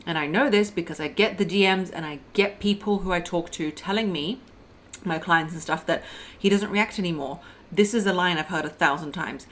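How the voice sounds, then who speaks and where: Blunt woman giving dating advice, low voice. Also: a little hiss or hum. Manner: blunt, emphatic, addresses listeners as "my loves" and "girl". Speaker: dating coach. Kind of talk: direct advice monologue.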